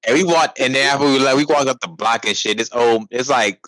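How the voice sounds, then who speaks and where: A man's voice: medium pitch, brisk, fairly bright tone, no room sound, poor audio. A man co-hosting a casual podcast, telling laid-back, profane stories and acting out what people said. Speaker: podcast co-host. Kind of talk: casual chat.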